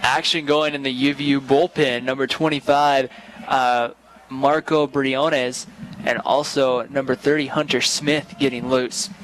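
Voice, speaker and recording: A man's voice: mid-range voice, little pitch movement, measured pace, fairly bright tone, a little hiss or hum, rough recording. A man offering color commentary on a college baseball game from a stadium booth, talking through his analysis conversationally with frequent restarts.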